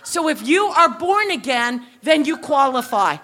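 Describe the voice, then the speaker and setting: A woman preaching a sermon at a church service, telling a story and rising to shouted exhortation. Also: sits high, sing-song, unhurried.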